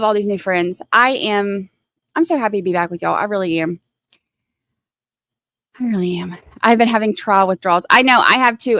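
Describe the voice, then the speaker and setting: A woman's voice: medium pitch, fairly bright tone, no room sound. Southern woman, livestream host; loose chatty ramble, restarts sentences, dry sound. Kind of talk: casual livestream chat.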